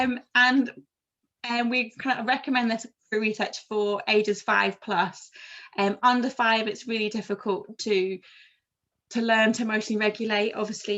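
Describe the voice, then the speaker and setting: Brief: English woman running an online carers' workshop, friendly and explanatory, mid pitch, slightly muffled video-call sound. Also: fairly bright tone. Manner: explanatory, friendly, with many "um" and "kind of". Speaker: wellbeing practitioner leading a carers' session. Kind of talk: online group workshop talk.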